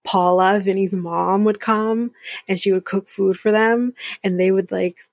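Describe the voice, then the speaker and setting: A woman's voice: medium pitch, steady tone, a little slow, vocal fry, no echo. A woman hosting a podcast, recapping a reality show in a candid, chatty way with frequent laughs. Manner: chatty, candid, laughs often, drifts into whispered asides. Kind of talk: casual chat.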